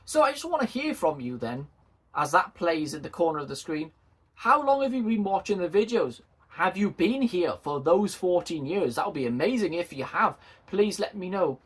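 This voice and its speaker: Chatty self-deprecating man, husky. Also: sits high, very animated, moderate pace. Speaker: model railway YouTuber. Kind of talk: casual chat to viewers.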